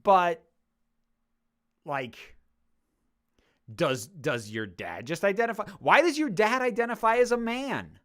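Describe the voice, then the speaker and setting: A woman's voice: mid-range voice, very animated, slow pace, pauses often. A woman answering viewer questions in a casual monologue, speaking passionately, getting worked up and swearing freely.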